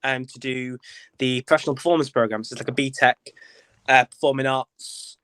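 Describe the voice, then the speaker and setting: Bright-voiced chatty young man. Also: mid-range voice, fairly even intonation, fairly quick, clean tone, no echo. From Lancashire, England. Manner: chatty, playful, camp asides, many fillers. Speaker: guest, actor and theatre director. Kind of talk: casual podcast chat.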